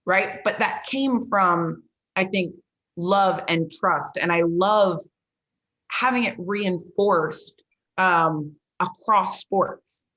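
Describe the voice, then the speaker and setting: A woman hosts a sports podcast in a casual, chatty way. Her voice sits a little low. She spins her stories loosely, leaning on "like" and "you know" as she goes. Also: drawn-out words. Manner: lively storyteller, many "like" and "you know" fillers. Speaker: podcast host and former football coach. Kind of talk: casual interview chat.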